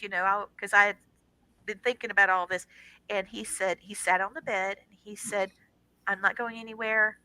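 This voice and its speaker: A middle-aged woman, a guest on a radio show, telling a personal story in a casual, animated way and acting out the voices in it. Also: mid-range voice, no echo, poor audio.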